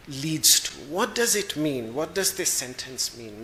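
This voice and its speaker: A man giving a spiritual discourse as a Vedanta teacher, slow and measured, pausing to search for words as he explains. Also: on the high side, expressive, bright, forceful tone, reverberant, a little hiss or hum.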